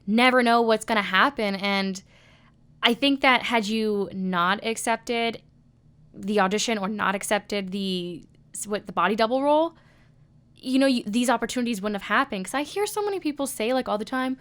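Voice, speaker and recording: A woman's voice: a little high, moderate pace, fairly bright tone. A woman hosting an interview, chatty and enthusiastic, leaning on "like" as she talks. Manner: chatty, enthusiastic, many "like" fillers. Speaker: podcast host. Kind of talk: casual interview chat.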